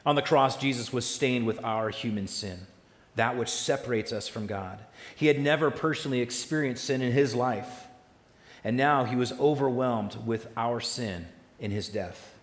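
A man preaching a sermon as pastor, building loud through lists and falling soft and slow on key lines. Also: medium pitch. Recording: echoey hall with long reverb.

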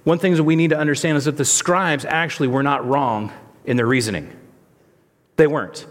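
A man's voice: fairly high pitch, a little fast. A male pastor preaching a sermon in a conversational way, asking the listeners rhetorical questions. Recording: long reverb of a large hall.

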